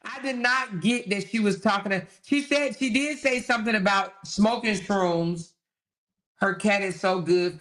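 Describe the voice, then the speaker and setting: A woman hosting a casual live stream, talking to her viewers in an animated, incredulous way. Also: on the low side. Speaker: host.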